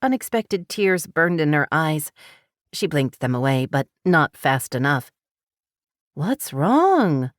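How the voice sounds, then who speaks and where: Low, expressive woman narrator. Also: a little slow, no echo, clean studio sound. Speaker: audiobook narrator. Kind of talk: scripted narration.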